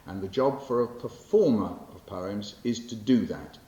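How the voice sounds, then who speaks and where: A man's voice: lowish voice, moderate pace, dark tone. A man in his sixties from England, a poet giving a public lecture in a library hall, who talks in a wry, conversational way with fillers and self-corrections. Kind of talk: lecture with poetry readings. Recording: roomy, muffled hall recording with faint hiss.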